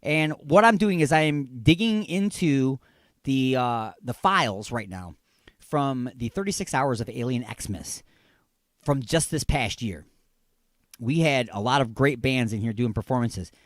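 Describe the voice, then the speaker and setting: A man from the Detroit suburbs, hosting a radio show in a loud, rambling, ranting way. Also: medium pitch, animated, measured pace, no echo. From Detroit suburbs, Michigan. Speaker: radio host. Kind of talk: rambling comic radio talk.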